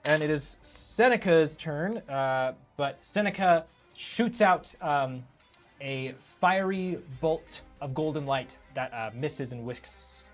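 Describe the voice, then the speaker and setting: A man's voice: on the high side, expressive, soft background music. Playful man running a tabletop game. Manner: playful, laughs often, quick asides. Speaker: dungeon master. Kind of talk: narrating a live tabletop game.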